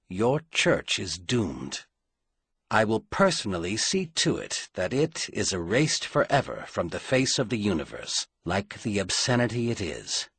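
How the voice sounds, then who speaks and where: A man voicing a cold, menacing imperial guardsman who speaks quietly and precisely in a deep, icy voice. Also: husky, no echo, full character voice. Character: cold, menacing male imperial guardsman, soft-spoken killer.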